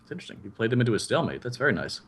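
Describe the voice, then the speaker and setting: An easygoing man talks through his turn in a tabletop story game. His voice sits at an average pitch but moves around a lot, and he laughs easily. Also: rapid-fire, husky. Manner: laughing, relaxed. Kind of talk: casual game chat.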